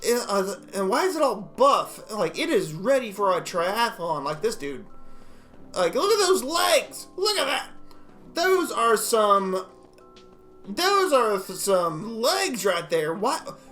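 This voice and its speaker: A high-pitched man with a bright, forceful voice, reacting to animal clips and reading facts aloud. He is jokey and excitable, laughing often and tripping over words, with faint music playing behind him. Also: slow pace. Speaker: video reactor.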